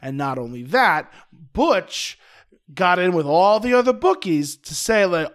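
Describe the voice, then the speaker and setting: A man's voice: sits high, measured pace. A man co-hosting a podcast, animatedly recapping a film in casual chat. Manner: animated storytelling with playful impressions. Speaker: podcast co-host.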